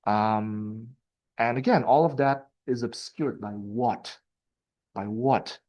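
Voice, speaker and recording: A man's voice: on the low side, lively intonation, slow pace, a little mellow, dull audio. A young man giving a seminar lecture, reading passages aloud and explaining them in a loose, conversational way with frequent rhetorical questions.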